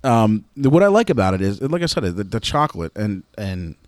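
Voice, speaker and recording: Male co-host, low voice, hesitant and searching, dry close sound. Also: very animated, a little mellow, no echo. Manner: halting, searching for words. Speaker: podcast co-host. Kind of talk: casual chat. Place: indoor room.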